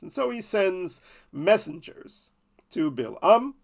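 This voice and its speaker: A man's voice: on the high side, very animated, moderate pace, gravelly. A man telling a Bible story as a lesson, with playful, jokey asides. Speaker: Torah teacher.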